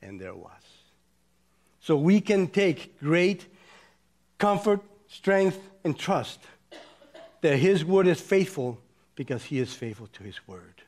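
Older male preacher, high voice, slow and deliberate delivery; builds from hushed emphasis to excited shouting. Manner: repetitive, rhythmic preaching cadence. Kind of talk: sermon.

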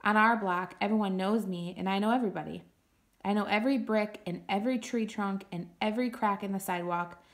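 Woman teacher, class read-aloud, steady expressive narration, mid-pitched voice. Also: a little fast. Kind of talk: reading a novel aloud to a class.

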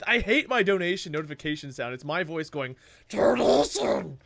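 A man's voice: on the high side, big pitch swings, quick pace, pushed and bright, dry recording. A man hosting a casual game stream, chatting with friends and thanking viewers in a playful, laughing manner. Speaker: streamer host. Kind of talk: casual gaming stream chat.

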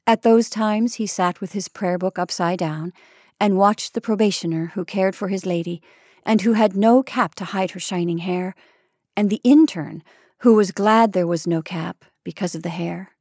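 Brief: woman narrator, mid pitch, measured storytelling, dry close recording. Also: a little mellow, no room sound. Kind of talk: storytelling reading.

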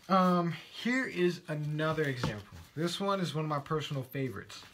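Texan guy doing a goofy live craft demo, silly jokes, reads the chat out loud, bit of background hiss. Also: a little high. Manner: playful, silly, joking asides. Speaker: guest presenter of a craft show. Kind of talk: casual live craft demo, reading viewer comments.

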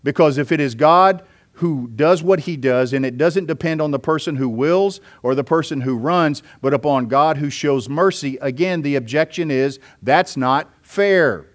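A man's voice: on the high side, normal speed. A man, a pastor, preaching an expository sermon and explaining scripture step by step, with occasional fillers.

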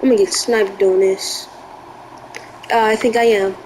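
A woman's voice: mid-range voice, little pitch movement, measured pace, darkish tone, slight background noise, rough recording. A woman giving live gameplay commentary, jumpy and easily spooked, yelping in panic. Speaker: gaming video creator.

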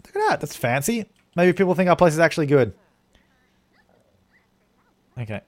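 A little high in pitch with big swings, at a moderate pace, an Australian man streams live gameplay. He rambles, thinking aloud while he plays, and thanks viewers for donations.

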